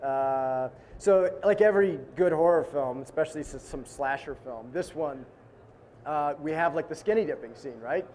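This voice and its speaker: A film director, a man, telling stories in a casual interview in an animated, joking way and acting out voices. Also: on the high side, normal speed, a little hiss or hum.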